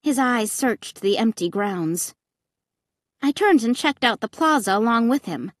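A woman narrating an audiobook in the first person, with expressive, dramatic storytelling on a close mic. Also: on the high side, a little slow, dry recording.

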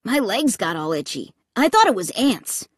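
A woman's voice: medium pitch, sing-song, normal speed, slightly rough, no echo, clean studio sound. A woman voicing a blunt, curious boy.

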